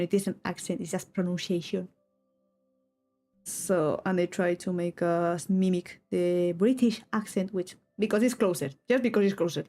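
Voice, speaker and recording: A young Spanish woman with a mellow, medium-pitched voice and a Spanish accent talks casually to her stream in English as she draws. She rambles, cuts herself off mid-thought, and slips in little giggles.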